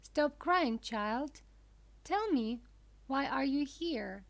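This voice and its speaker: A kindly talking parrot from a children's storybook, as a woman voices it. it asks its gentle questions slowly and clearly. the voice sits a little high. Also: animated, full character voice.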